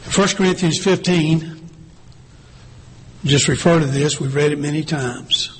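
A man preaching a sermon in a slow, deliberate way, reading scripture aloud with long pauses. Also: fairly high pitch, husky, rough recording. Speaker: pastor.

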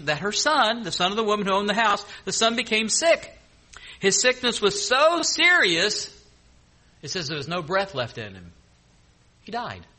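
A man with a high-sitting voice preaches a sermon, retelling scripture and adding lively, joking asides between the verses he reads.

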